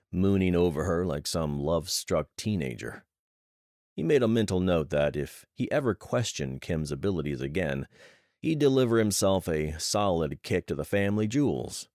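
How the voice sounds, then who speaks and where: A man narrating a thriller audiobook in steady, measured storytelling. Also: rumbling low, dry recording, clean studio sound.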